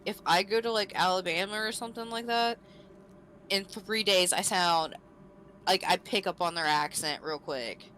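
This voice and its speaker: A woman's voice: lowish voice, normal speed, a bit bright, slight background noise, poor audio. A woman chatting casually as a player, rambling with many fillers. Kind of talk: casual chat.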